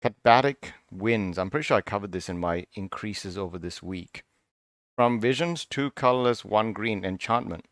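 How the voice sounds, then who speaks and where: A man's voice: lowish voice, normal speed, no room sound, studio quality. A man hosting a casual card review, thinking aloud in a musing, half-sarcastic way, often breaking off and restarting. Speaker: card review channel host.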